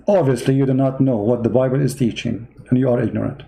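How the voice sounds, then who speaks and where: A man's voice: mid-range voice, steady tone, quick pace, gravelly, warm tone, rough recording. A man with non-native English giving online commentary, arguing his point with rhetorical questions. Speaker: Christian commentator.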